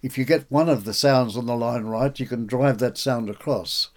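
A man's voice: mid-range voice, moderate pace. A man, a poet and translator, talking in an interview about his translation of a medieval poem and reciting lines aloud with animation. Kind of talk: conversational interview.

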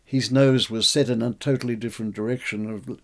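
A man's voice: medium pitch, fairly even intonation, brisk. A man speaking in an interview about translating an old poem. He talks with animation and breaks into recited lines of verse. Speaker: poet and translator. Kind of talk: conversational interview.

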